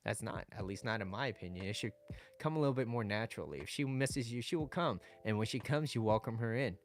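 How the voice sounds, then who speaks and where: A man's voice: lowish voice, fast, slight background noise. A man giving casual dating advice to his viewers, blunt and swearing, reading their chat comments aloud.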